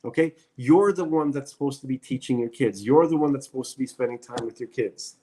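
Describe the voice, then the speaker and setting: A man's voice: mid-range voice, brisk, warm tone, husky. Blunt ranting man. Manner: blunt, ranting, emphatic repetitions. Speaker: podcast co-host. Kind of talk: casual opinionated chat.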